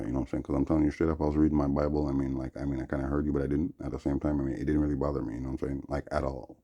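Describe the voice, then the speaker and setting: A very deep, gravelly man rambles on. He slips from chanted praise into a loose, meandering story, over and over. The recording is dull and lo-fi, and his voice is dark and husky. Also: very fast. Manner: drifts between chanted prayer and loose storytelling, full of "you know what I'm saying". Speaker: vlogger.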